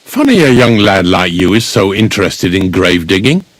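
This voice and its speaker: A gruff old gravedigger. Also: male voice, low-pitched, big pitch swings, normal speed, dry recording. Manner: grumbling, blunt, folksy. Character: gruff older village gravedigger, blunt and grumbling. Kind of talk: video game dialogue.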